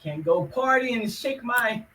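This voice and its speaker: A woman's voice: fairly high pitch, animated, measured pace, sharp tone, far from the mic, slight background noise, rough recording. A woman co-hosting a podcast in casual chat who breaks into laughter often. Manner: giggly, laughs often while talking. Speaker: podcast co-host.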